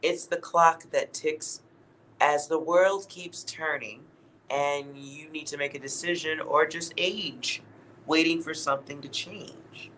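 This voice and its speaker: A man's voice: on the high side, steady tone, slow pace, bright, forceful tone, a little hiss or hum, poor audio. A man giving a casual, blunt tarot reading to his viewers, laughing at himself and swearing now and then. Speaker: tarot reader.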